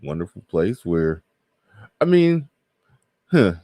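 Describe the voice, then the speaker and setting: In a dry, clean studio recording, a livestream host with a low, dark, sing-song voice talks slowly. He reads out viewer super chats and riffs on them, laughing a lot and letting thoughts trail off.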